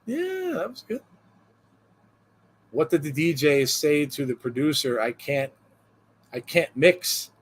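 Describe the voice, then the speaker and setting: A man's voice: a little high, sing-song, slow pace, long pauses. A man co-hosting a wrestling podcast in casual chat, reading out viewer jokes with frequent chuckles and a loose, rambling delivery full of fillers. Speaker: podcast co-host.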